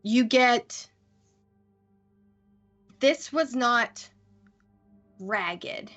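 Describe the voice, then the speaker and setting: A woman narrating a tabletop game as game master, pausing often and using many fillers. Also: on the high side, a bit bright, lo-fi sound, faint music behind. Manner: hesitant, full of fillers.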